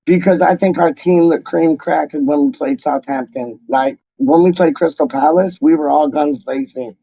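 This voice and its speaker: Male fan-channel host, casual slangy rambler, mellow dark tone, dull dry lo-fi audio. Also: fairly high pitch, moderate pace, vocal fry, no echo. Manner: loose slangy talk, calls listener dog and man. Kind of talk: casual rambling chat to camera.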